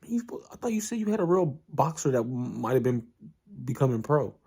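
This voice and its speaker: A man's voice: mid-range voice, sing-song, fairly quick, a little mellow, breathy edge. A man voicing an exasperated older male boxing coach who talks in incredulous, slangy trash talk.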